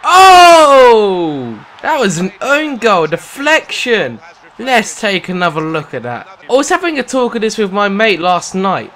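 A young British man giving gameplay commentary on a football video game, excitable and sarcastic, shouting at goals. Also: high-pitched, moderate pace. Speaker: gaming commentator.

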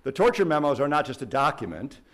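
A man, a litigator, speaking in a measured, halting way on an academic panel in a lecture hall. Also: a little high, very animated, a bit bright. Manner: measured, hesitant, many restarts.

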